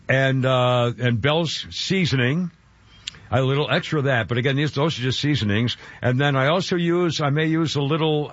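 A man's voice: medium pitch, no room sound. Rambling man on muffled radio. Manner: rambling, many fillers and restarts. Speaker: radio show host. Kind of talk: casual radio chat. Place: radio studio.

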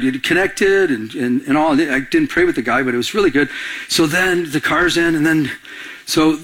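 Husky animated preacher man. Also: mid-range voice. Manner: animated, acts out both sides of dialogue. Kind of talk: sermon storytelling.

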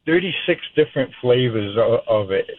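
A man's voice: medium pitch, animated, moderate pace. A man chatting casually on a radio show, telling a story and repeating words as he goes. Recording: phone line.

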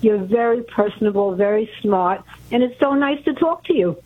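Woman caller, from Brooklyn, chatty, earnest, husky, phone line audio. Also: mid-range voice, animated, normal speed. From Brooklyn, New York. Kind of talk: call-in to talk radio.

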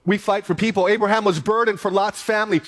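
A pastor preaching a sermon, reading scripture slowly and then building to emphatic repetition. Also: male voice, high-pitched, fairly even intonation, a bit bright.

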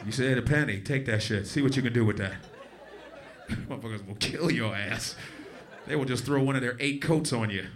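A man's voice: medium pitch, normal speed, a crowd in the background. A man doing a stand-up rant, exasperated and often giggling at his own jokes. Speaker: stand-up comedian. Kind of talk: stand-up routine.

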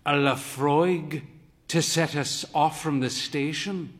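A man's voice: a little high, steady tone, takes it slowly. A man reading a story, voicing a slight, fey man in late middle age who speaks in a dry, wry way. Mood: wry, playful.

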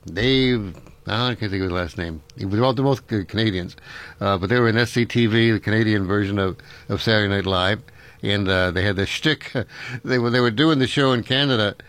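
Telling rambling stories punctuated by chuckles, a middle-aged man hosts a relaxed call-in radio program. His lowish voice moves fairly quickly with a fairly bright tone, picked up by a studio microphone with no room sound.

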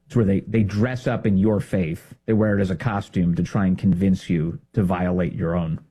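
A man hosting a political commentary show, talking in an indignant, emphatic way with sudden jumps in pitch. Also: steady tone, moderate pace, mellow, breathy edge.

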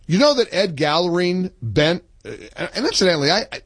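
Older male talk radio host, higher-pitched, very lively delivery, dry close mic. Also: brisk, husky, no echo. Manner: emphatic, animated, swings between low asides and high outbursts. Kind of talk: political talk radio monologue.

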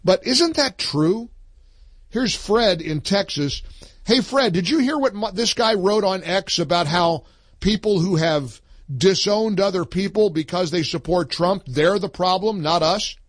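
A man's voice: high voice, expressive, measured pace, no room sound. A man hosting a talk radio show, emphatic and opinionated, taking calls. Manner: emphatic, reads a listener's post aloud with punch.

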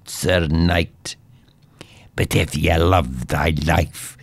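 A man voicing a grizzled old male goblin who warns in a hoarse whisper with old-fashioned speech. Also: on the high side, no room sound, voice pushed up. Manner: archaic, urgent warning.

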